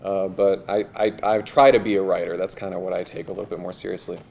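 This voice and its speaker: A man's voice: low-pitched, level tone, fast, creaky, darkish tone. A young man introducing himself before reading his writing, hesitant and self-deprecating with many fillers. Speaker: writer reading at a release party. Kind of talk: casual remarks before a reading.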